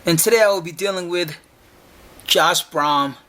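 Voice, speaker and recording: A man with a slightly high, sharp voice hosts a solo podcast at an unhurried pace. He argues emphatically, repeats himself, fires off rhetorical questions, and stumbles over repeated words.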